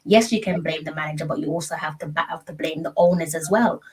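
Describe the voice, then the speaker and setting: A woman co-hosting a casual sports chat, making her case in a measured, argumentative way. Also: low-pitched, slightly rough, recorded from a distance. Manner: measured, argumentative, explains her point at length. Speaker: co-host.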